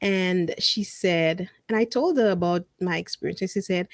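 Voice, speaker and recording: A woman guest on a casual interview podcast, telling her stories in an animated way, acting out what people said and laughing often. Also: on the low side, moderate pace, no room sound, clean studio sound. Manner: animated storyteller who acts out quotes and laughs often. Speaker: podcast guest and fellow podcast host.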